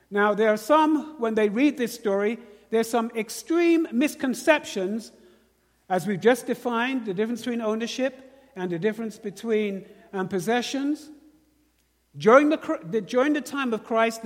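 A man's voice: sits high, big-room sound. A man with a British accent preaching a sermon, questioning the congregation and drawing call-and-response. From Britain.

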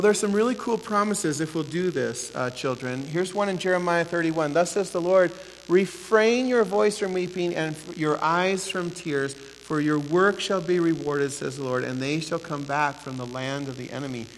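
Gravelly preacher in an echoey hall. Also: male voice, fairly high pitch, moderate pace. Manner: preaching, rising to impassioned shouting. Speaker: pastor. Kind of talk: sermon. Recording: echoey hall with faint hiss and hum.

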